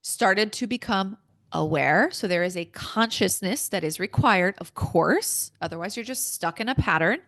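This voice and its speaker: A woman's voice: mid-range voice, animated, normal speed, a bit bright. A woman speaking as a podcast guest, candid and emphatic, acting out her own inner dialogue as she talks.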